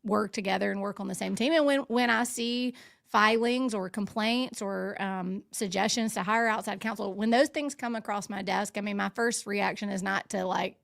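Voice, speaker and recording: A woman speaking as a state legal official in an interview, measured and conversational. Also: medium pitch, creaky, fairly bright tone, no room sound, clean studio sound. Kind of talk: interview answer.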